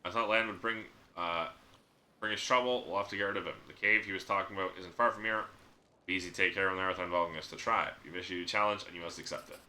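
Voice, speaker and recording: A man's voice: low-pitched, steady tone, quick pace, sharp tone, slight background noise. A man streaming a role-playing game, reading the on-screen dialogue aloud with frequent ums and restarts.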